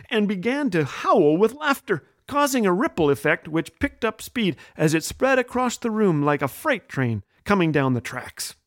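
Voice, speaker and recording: Middle-aged male humor host, high and very animated delivery, wry scripted storytelling. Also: dry recording, studio quality.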